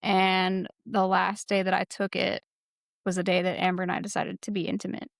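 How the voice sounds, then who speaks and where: Young woman co-host, casual candid chat, some vocal fry, dry close sound. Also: mid-range voice, completely flat delivery, moderate pace, no echo. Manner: candid, rambling, heavy on fillers. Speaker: podcast co-host.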